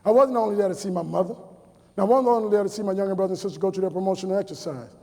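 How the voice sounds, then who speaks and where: A man's voice: sits high, rapid-fire, dark tone. A man in his forties from New Orleans, giving a motivational speech to students and telling stories with emphatic repetition. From New Orleans, USA. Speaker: motivational speaker. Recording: long reverb of a large hall.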